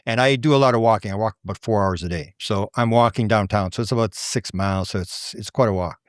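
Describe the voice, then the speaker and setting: An older man from Canada, a guest researcher, telling stories in conversation and acting out the people he quotes with sudden jumps in pitch. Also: quick pace, no echo, clean studio sound. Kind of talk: animated storytelling in conversation.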